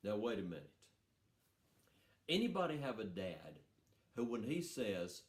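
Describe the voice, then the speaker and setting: Animated folksy male storyteller, roomy hall. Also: sits low, measured pace, pauses often. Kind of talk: live storytelling for schoolchildren. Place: festival stage.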